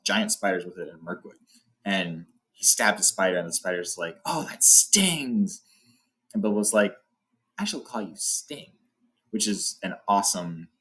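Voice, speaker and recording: A man's voice: low-pitched, a bit bright. A man hosting a book channel, chatting casually and enthusiastically as he ranks legendary swords, rambling a little as he goes. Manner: enthusiastic, rambling, says awesome often. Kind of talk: casual ranking talk.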